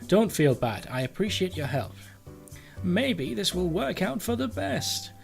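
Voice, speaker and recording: A man's voice: high-pitched, a little slow, gravelly, soft background music, voice pushed up, exaggerated voice. Kale, a man reading as a kind cat candidate. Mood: earnest. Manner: reads cat meows flatly into his lines. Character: friendly male cat running for president, kind and earnest. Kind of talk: reading a text game aloud.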